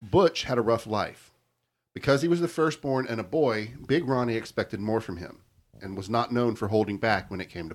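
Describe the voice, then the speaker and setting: A man co-hosting a podcast, steadily reading out a crime story in casual chat and stumbling over hard names. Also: lowish voice. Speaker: podcast co-host telling the story.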